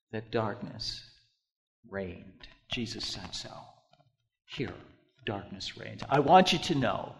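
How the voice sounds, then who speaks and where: Preaching in a mid-range voice with vocal fry, this middle-aged pastor alternates loud storytelling with quiet, deliberate emphasis. His repetitions are long and drawn out.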